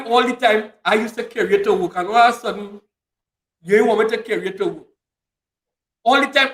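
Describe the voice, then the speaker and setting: A man's voice: extremely high pitch, a bit bright. A man, hosting a casual chat and holding forth with lots of repetition. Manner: preachy, repeats phrases for emphasis. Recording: echoey room.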